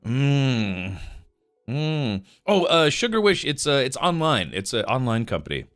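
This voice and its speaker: A man's voice: mid-range voice, a little slow. A man streaming live, chatting casually with his chat while eating, laughing and murmuring with his mouth full. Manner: animated, laughing, savoring food aloud with mouth-full murmurs.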